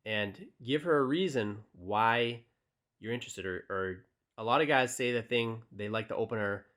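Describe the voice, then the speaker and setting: With a mid-range voice and a moderate pace, a young man gives casual dating lessons. He reads texts out loud and stays relaxed and direct, leaning on many fillers.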